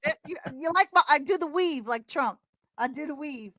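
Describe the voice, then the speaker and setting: Woman, podcast guest, high voice, animated, rambling, laughs a lot, dry close sound. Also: moderate pace, no echo. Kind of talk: casual chat.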